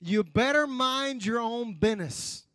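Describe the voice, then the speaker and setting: A man putting on the slow, plainspoken voice of a rural farmer with a drawl. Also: very high-pitched, expressive, fairly bright tone, dry recording, clean studio sound, full character voice. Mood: folksy.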